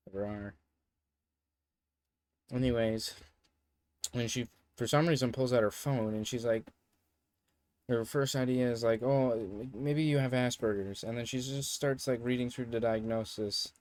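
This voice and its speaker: A man's voice: mid-range voice, fairly even intonation, measured pace, long pauses. Young man rambling through a story. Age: young adult. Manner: rambling, joking, with swearing. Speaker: vlogger. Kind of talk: casual storytelling.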